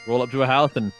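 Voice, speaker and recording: A man co-hosting a podcast, telling a game story in casual chat, animated and profane, acting out voices. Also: mid-range voice. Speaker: podcast co-host.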